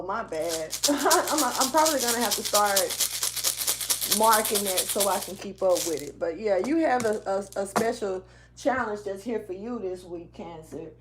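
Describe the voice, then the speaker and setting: A woman reads tarot in a loose, slangy, rambling way, sometimes slipping into a half-rapped rhythm. Her voice sits at an ordinary middle pitch. She moves around indoors, so she drifts away from the camera mic at times. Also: noisy background. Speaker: tarot reader. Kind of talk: casual tarot reading. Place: indoors, moving around the room.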